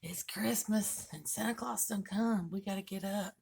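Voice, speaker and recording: Eager childlike grandpa, voiced by an older woman, hushed and gravelly. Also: mid-range voice, normal speed. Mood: excited whisper.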